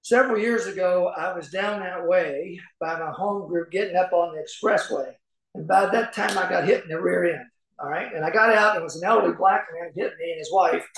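An older man with a fairly high voice shares his story with a crowded room. He talks in a folksy, chatty way, often laughing, and his voice rings out from a podium mic in a big, echoing hall. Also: a little fast, vocal fry, fairly bright tone, slight background noise. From Kentucky, USA. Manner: folksy, laughing, conversational with many fillers. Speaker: recovery meeting speaker. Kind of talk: personal story talk to an audience. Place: large meeting hall. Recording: echoey hall recording.

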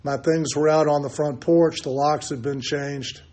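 A man's voice: fairly high pitch, fairly even intonation, measured pace, darkish tone. An older man giving a candid, self-mocking recovery testimony, talking in a loose storytelling way with many fillers. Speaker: recovery meeting speaker.

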